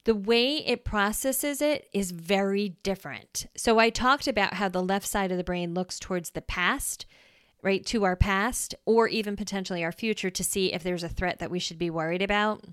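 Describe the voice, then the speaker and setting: A woman hosts a casual solo podcast with a smooth, clear voice. She explains ideas in a relaxed, chatty way and keeps checking in with the listener. The sound is close and dry. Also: mid-range voice, no echo. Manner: chatty, checks in with "right?", acts out quick voices. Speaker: podcast host.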